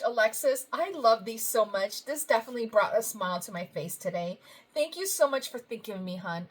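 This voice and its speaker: Gushing, fairly high-voiced woman vlogger. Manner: gushing, effusive, lots of thank-yous and soft laughs. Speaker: budgeting vlogger. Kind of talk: casual vlog, opening happy mail.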